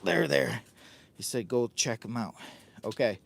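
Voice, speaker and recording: A man's voice: medium pitch, animated, a little slow, gravelly, slight background noise. Chatty older man camping in a tent. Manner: chatty, repeats himself, talks about himself in the third person. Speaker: camping livestream host. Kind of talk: casual livestream chat. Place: hot tent outdoors on a windy day.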